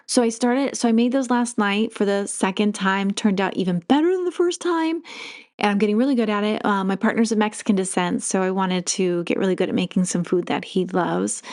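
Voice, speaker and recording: A woman hosting a casual spiritual podcast monologue. She talks in a chatty, meandering way, laughs often, and gets animated as she retells stories. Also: mid-range voice. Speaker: podcast host.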